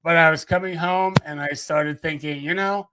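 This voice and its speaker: A man's voice: fairly high pitch, steady tone, normal speed, a loud crowd. A man co-hosting a casual show, telling rambling anecdotes and laughing through them. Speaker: co-host. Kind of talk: casual storytelling chat.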